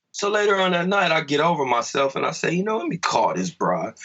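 Bright-toned, profane man telling a story. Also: a little high, highs cut off. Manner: profane, animated storyteller, quoting himself loudly. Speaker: podcast co-host. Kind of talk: casual chat, storytelling.

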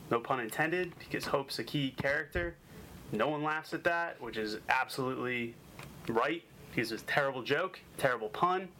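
Bright-voiced excited comic show host. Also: male voice, mid-range voice, slight background noise, low-quality recording. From Boston. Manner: energetic, joking, gushing. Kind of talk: enthusiastic comic review chat.

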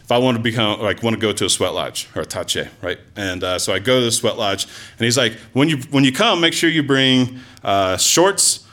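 A man telling a personal story live to an audience, in an animated, conversational way with lots of asides and fillers. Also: fairly low pitch, a little fast, hardly any pauses. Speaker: storyteller, former teacher.

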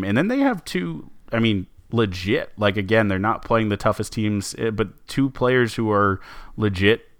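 A sports podcast co-host chats casually, laughing easily and using lots of fillers and restarts. His lowish voice is fairly bright, clear and resonant, captured as clean studio sound without room noise.

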